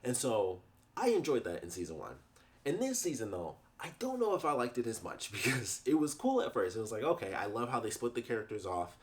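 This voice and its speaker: A man's voice: medium pitch, sing-song, a little fast. A young man giving a casual, rambling review monologue. He laughs often and restarts his sentences. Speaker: YouTube reviewer.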